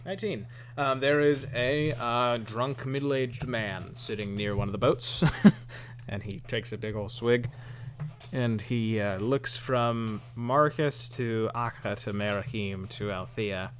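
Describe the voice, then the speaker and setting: A man narrating as game master of a tabletop role-playing game, relaxed and halting, with frequent ums and light laughs. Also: mid-range voice.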